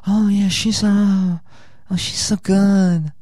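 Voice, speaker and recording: A man's voice: high voice, little pitch movement, slow, darkish tone, no echo, clean studio sound, pitched above the performer's own voice. A man voicing a gushing young woman on a date.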